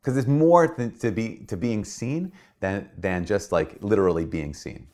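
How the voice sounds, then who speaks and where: A man, a priest, giving a casual teaching talk in a conversational, animated way. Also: on the low side, a little slow. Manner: conversational, animated, acts out quoted voices. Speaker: Catholic priest.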